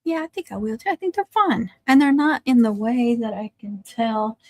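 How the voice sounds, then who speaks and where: Chatty woman, lightly high voice. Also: moderate pace, dry recording. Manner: chatty, laughs often, talks softly to her dogs. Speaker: craft livestream host. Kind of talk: casual livestream chat with viewers. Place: at home in the country.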